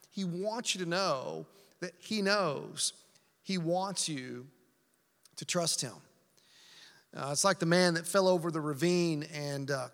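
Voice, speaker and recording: A man's voice: sits high, pushed and bright. A man preaching a sermon as pastor, emphatic and repetitive, asking rhetorical questions. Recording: long hall reverb.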